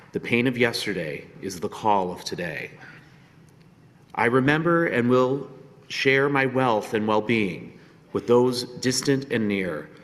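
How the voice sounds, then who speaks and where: A man reading a remembrance text aloud at a ceremony, in a measured, grave manner. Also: mid-range voice, a bit bright. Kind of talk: solemn recited liturgy. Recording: reverberant hall.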